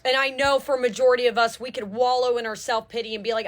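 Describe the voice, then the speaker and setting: Speaking quickly in a fairly high voice with little pitch movement, a tarot reader preaches fervently. Casual swearing and a repeated "do you understand" run through her reading.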